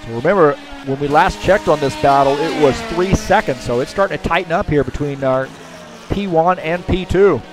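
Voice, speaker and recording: A man's voice: fairly high pitch, normal speed, over music. Casual male sim racing commentator. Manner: casual, chatty, many fillers. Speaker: race commentator.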